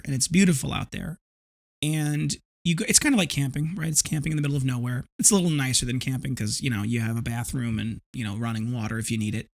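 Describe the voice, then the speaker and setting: A man's voice: medium pitch, creaky. A man in his thirties hosting a casual solo podcast, talking in a rambling, reflective way full of restarts. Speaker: podcast host.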